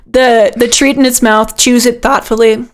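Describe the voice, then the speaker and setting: A woman running a tabletop game as game master, narrating in a playful, animated way. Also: a little high, normal speed.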